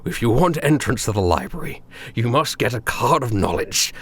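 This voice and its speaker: A man's voice: mid-range voice, lively intonation, moderate pace, a bit bright, breathy edge. A man voicing an old male French librarian, speaking formally with a French accent.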